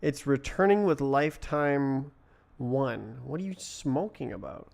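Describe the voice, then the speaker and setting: Slow, gravelly British man musing. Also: medium pitch, expressive, darkish tone. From Britain. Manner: muttering to himself, puzzled, reading chat and answering. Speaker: livestreamer coding on stream. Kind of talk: casual live-coding chat, thinking aloud.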